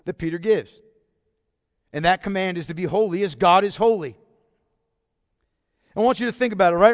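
A man preaching a sermon, emphatic and full of rhetorical questions, pausing to ask the congregation to follow along. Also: sits high, big-room sound. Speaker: pastor.

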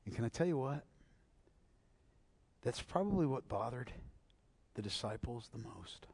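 A male pastor preaching a sermon, moving from hushed near-whispers to loud, emphatic passages full of rhetorical questions. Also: mid-range voice, expressive, unhurried, creaky, husky, no echo.

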